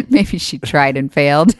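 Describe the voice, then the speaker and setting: Low-voiced woman co-hosting a podcast. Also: slow, dry recording, clean studio sound. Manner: lively, laughs often, animated quoting. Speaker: podcast co-host. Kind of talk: casual chat.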